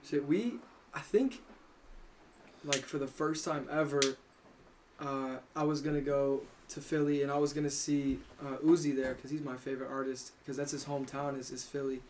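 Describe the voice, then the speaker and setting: An easygoing young man banters on a podcast, throwing in quick asides in a middle-pitched voice. A faint background noise sits under his talk. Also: fairly even intonation. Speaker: podcast host. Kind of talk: casual chat.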